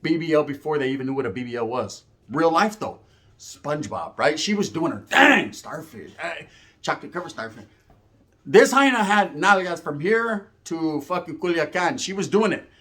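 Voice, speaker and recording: A man's voice: on the high side, expressive, moderate pace, a bit bright. A young man telling a personal story to camera in streetwise slang, full of profanity and "right?" tags. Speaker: YouTube storyteller.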